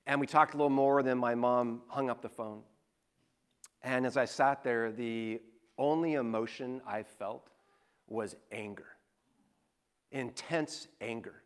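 A male pastor preaching a sermon, telling a personal story earnestly, moving between hushed confession and fervent emphasis. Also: medium pitch, unhurried, pauses often, clear, resonant tone.

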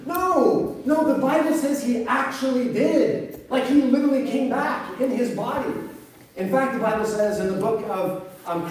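A man's voice: very high-pitched, darkish tone, slight background noise. A man, a pastor, preaching a sermon in a conversational, storytelling way. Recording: very echoey hall, mic at a distance.

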